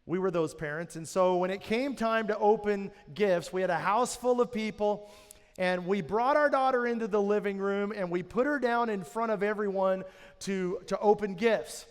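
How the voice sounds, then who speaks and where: Brief: thirties male pastor, high tenor voice, joking parenting sermon, church hall reverb. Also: moderate pace, clean tone. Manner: storytelling, self-mocking humor. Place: church auditorium.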